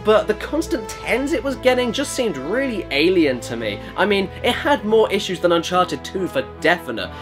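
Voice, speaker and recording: A young man with an energetic, jokey manner who swears freely, narrating a scripted comedic video game retrospective as its reviewer. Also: high voice. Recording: faint music bed behind voice.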